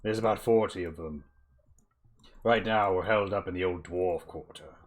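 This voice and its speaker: A big, gruff bugbear mercenary captain, played by a man with a very deep voice. He is blunt and boastful and sizes people up with questions. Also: normal speed, natural voice.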